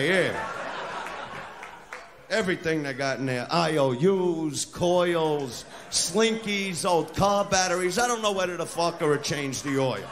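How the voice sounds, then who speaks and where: Male stand-up comic, brash and crude, high-pitched, live crowd and noise behind him. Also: expressive, takes it slowly. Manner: brash, crude, shouted punchlines. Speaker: stand-up comedian. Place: comedy club stage. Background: audience laughter and noise.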